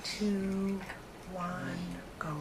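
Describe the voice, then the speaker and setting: Woman giving a clear countdown over loud clatter. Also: medium pitch, level tone, very slow, heavy background noise.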